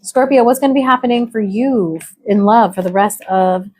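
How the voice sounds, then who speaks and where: A woman's voice: medium pitch, normal speed, a little mellow. An American woman doing a casual, chatty tarot reading, musing aloud with fillers. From United States. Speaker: tarot reader.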